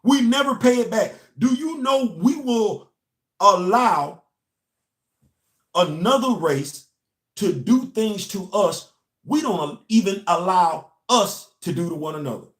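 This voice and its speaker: A man's voice: high-pitched, lively intonation, takes it slowly. A young man from the United States hosting an impassioned monologue, emphatic and preachy, repeating his key lines. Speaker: host. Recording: echoey room.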